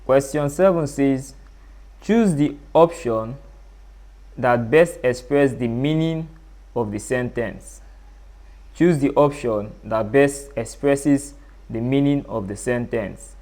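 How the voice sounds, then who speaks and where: A man's voice: medium pitch, takes it slowly, a little mellow. A man teaching an exam prep lesson, reading each question aloud and then repeating it. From Nigeria. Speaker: English tutor.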